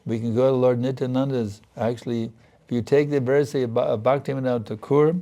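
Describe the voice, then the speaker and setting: A man's voice: medium pitch, dark tone, muffled recording. A man giving a spiritual sermon, telling a story and acting out earnest, pleading prayers. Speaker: spiritual teacher.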